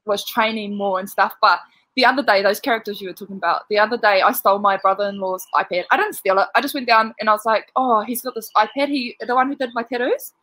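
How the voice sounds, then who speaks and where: A woman's voice: mid-range voice, fast talker, pushed and bright, dry recording. A woman chatting over a video call, laughing and acting out what others said. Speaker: netball player, guest. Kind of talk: casual video call chat.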